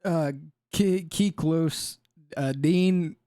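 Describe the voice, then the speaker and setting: A man hosting a casual podcast chat, moderating in a relaxed way. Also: fairly high pitch, extremely slow, clear, resonant tone, no room sound, studio quality.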